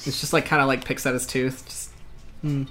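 A man running a tabletop role-playing game who narrates scenes in a rambling way, full of fillers. His voice is bright and forceful, at a middling pitch. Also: level tone, a little fast, soft background music. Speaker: game master.

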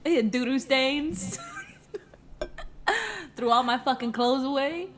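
A young woman in her twenties chatting on a podcast, cursing often and getting loud and animated as her stories build. A faint hiss sits under her voice. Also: high-pitched, slow pace. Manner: profane, animated storyteller. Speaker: podcast co-host. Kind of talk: casual chat.

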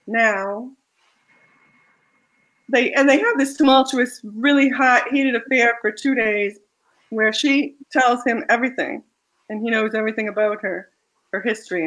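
A woman author reading her own romance fiction aloud in a soft, measured way, then chatting about the story. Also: on the high side, fairly even intonation, low-quality recording.

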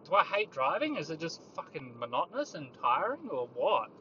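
A weary man talks to himself while driving down a mountain, crude and profane, trading in dark jokes. His voice sits a little high and comes through a muffled, lo-fi recording with clear engine and road noise beneath it. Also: big pitch swings, brisk. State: tired, yawning. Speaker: podcast host. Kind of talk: rambling solo podcast while driving. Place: inside a moving car on a mountain road.

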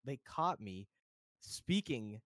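A young man from the United States talks in a loose, rambling way, full of fillers and restarts. His voice sits at an ordinary middle pitch. The recording is close and dry, with no room sound. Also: takes it slowly, dry recording. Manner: relaxed, rambling, many fillers. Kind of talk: casual chat.

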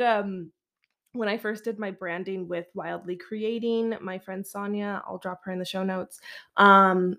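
Young Canadian woman, podcast host, casual solo chat, laughs a lot, mid-range voice. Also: medium pitch. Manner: chatty, laughs often, says "like" a lot.

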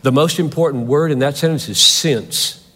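A man preaching a sermon as a pastor, impassioned, swinging between loud emphatic peaks and quiet intensity. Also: a little high, moderate pace, big-room sound.

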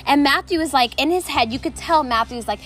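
High-pitched woman, casual faith podcast host, chatty with fillers, faint music underneath. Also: fairly quick, a bit bright. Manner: chatty, filler-heavy, enthusiastic. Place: outdoors.

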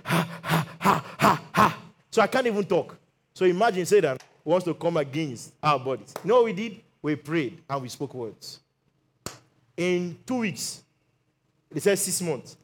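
A middle-aged Nigerian man preaching a sermon as lead pastor, leading the congregation in call-and-response declarations. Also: a little high.

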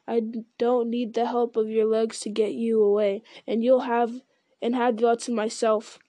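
Woman reading male goblin, sly, menacing, hissing whisper, slightly high, mellow tone, dry close sound. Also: little pitch movement, normal speed, no echo, close to an everyday voice. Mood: snarling. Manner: soft hissing whisper, silky and threatening. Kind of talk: audiobook character voice.

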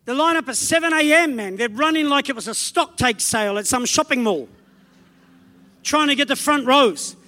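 A man with an Australian accent preaching a revival sermon in church, telling stories fast and rising to shouted calls, with soft music behind. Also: extremely high pitch, expressive. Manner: fervent, rapid storytelling building to shouted calls. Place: church meeting.

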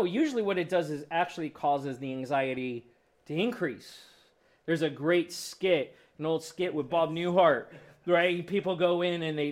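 A man preaching a sermon in a conversational way, acting out quoted voices. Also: fairly high pitch. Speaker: pastor.

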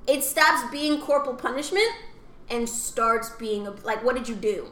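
At a normal speed and fairly high pitch, a young woman recounts stories during casual podcast chat as co-host. She animates them by doing voices and whispering asides, in an echoey room with faint ambient noise.

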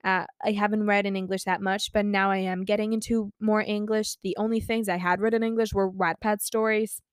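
A sixteen-year-old girl from Spain, chatting casually as a podcast host, gushing and excitable and swearing freely. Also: medium pitch, a little fast, smooth, dry recording. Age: teens. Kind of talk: casual chat.

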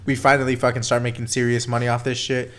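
A man's voice: mid-range voice, monotone, fast talker, a bit bright. A young man co-hosting a casual podcast, rambling and swearing, laughing often. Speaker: podcast co-host.

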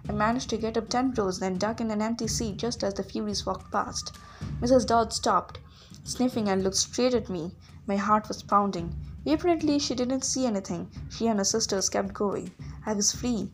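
A woman reading a story aloud in a steady storytelling voice, giving the characters their own voices. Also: mid-range voice, slight background noise. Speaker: reader. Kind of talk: audiobook reading.

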